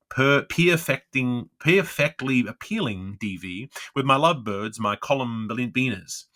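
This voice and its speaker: Male reader, cold reading of experimental prose, expressive and lilting, mid-pitched voice, sometimes trips over words. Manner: lilting, expressive delivery with occasional stumbles on words. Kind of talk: unrehearsed cold reading of dense literary prose.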